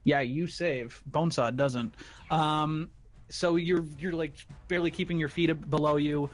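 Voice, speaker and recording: A man's voice: a little high, steady tone, measured pace. A man narrating as game master, laid-back and often chuckling.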